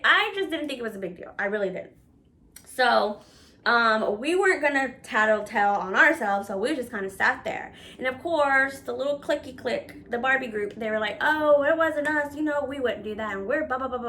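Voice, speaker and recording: A woman in her thirties tells a story from her own life in a loose, conversational way. She is blunt and animated and swears freely, and her voice sits at an ordinary middle pitch. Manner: candid, profane, animated. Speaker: storyteller recounting work life. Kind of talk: casual storytelling.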